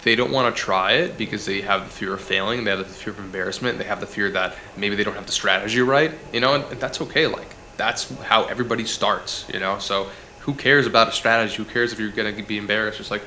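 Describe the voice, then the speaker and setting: A man's voice: fairly low pitch, quick pace, pushed and bright, slight background noise. A man, a guest on an interview over a video call, giving direct and casual advice. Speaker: guest, content strategist.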